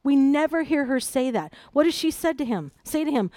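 A middle-aged woman preaches with an animated delivery, dropping to hushed storytelling and rising to loud, emphatic calls. Her voice sits fairly high, and the recording is dry and close. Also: brisk, dry recording. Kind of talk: sermon.

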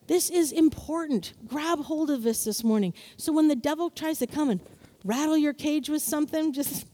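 Woman pastor, middle-aged, high voice, lively sermon delivery with acted asides. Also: moderate pace. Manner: animated, playful storytelling with acted-out voices.

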